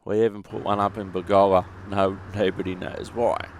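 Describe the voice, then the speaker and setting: A man's voice: sits low, level tone, normal speed, slight background noise. An Australian man hosting bus simulator gameplay, answering viewer questions with dry, joking humour. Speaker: YouTube gaming host.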